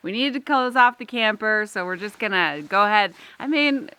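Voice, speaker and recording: A woman's voice: mid-range voice, lively intonation, normal speed, pushed and bright, clean tone, no room sound. A woman homesteading vlogger, chatting in a casual, agreeable way and laughing often. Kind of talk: casual chat.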